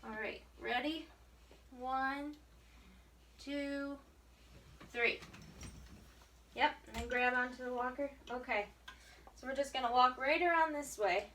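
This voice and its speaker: A woman's voice: high-pitched, slow pace, pauses often, sharp tone. A woman physical therapist patiently coaching a patient through breathing and walking exercises, counting out each breath. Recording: echoey room, far from mic, faint hiss.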